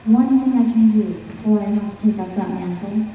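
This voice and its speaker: A woman's voice: mid-range voice, a little fast, dark tone, dull audio, a little hiss or hum, natural voice. A woman voicing an earnest, polite young male hero who speaks in a solemn, formal way. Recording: echoey hall from far off.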